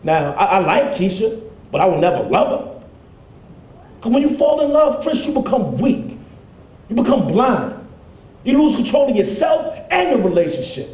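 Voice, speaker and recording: A man plays a cocky young abuser, defiant and dismissive. His voice is fairly high, mellow and lively, heard in a roomy indoor space. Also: moderate pace, pauses often. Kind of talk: independent film drama acting.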